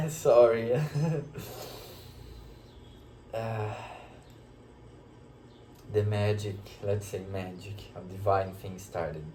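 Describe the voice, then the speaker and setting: A man telling a personal spiritual story to camera, in an emotional, reflective way with many pauses. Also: fairly low pitch, mellow, slight background noise. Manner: slow, emotional, reflective, pausing often. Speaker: spiritual teacher sharing a personal experience. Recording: echoey room.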